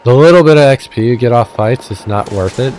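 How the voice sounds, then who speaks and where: A man's voice: medium pitch, fairly quick, a little hiss or hum. A man casually commenting on his own gameplay, talking frankly with plenty of "uh"s and the odd swear word. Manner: relaxed, frank, swears, many filler "uh"s. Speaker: let's play host.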